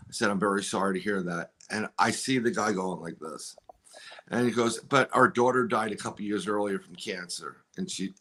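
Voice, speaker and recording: A man's voice: lowish voice, bright, forceful tone. Rambling man retelling a story. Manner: rambling, many restarts and quoted dialogue. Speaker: podcast guest. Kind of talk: casual storytelling chat.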